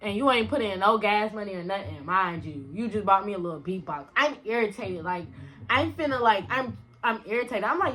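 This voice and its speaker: Bright-voiced woman telling a profane story. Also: medium pitch, a little fast. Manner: profane, animated, exasperated. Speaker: indie rap artist telling a story. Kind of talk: casual storytime vlog.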